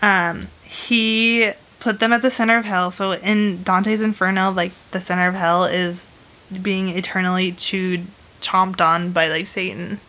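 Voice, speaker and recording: A woman's voice: mid-range voice, flat delivery, unhurried, pushed and bright. A woman hosting a casual chat, telling a history story in a rambling, chatty way full of fillers and bursts of humor. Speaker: host.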